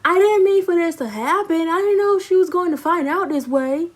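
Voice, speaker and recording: A woman voicing her whiny, defensive young ex-boyfriend in a high, drawn-out, pleading tone. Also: lively intonation.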